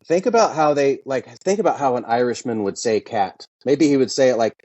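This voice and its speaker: A man in a deadpan improvised comedy chat, earnestly asking questions and explaining things in a mock-serious way. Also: medium pitch, a little fast, no room sound. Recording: dull, dry, lo-fi sound.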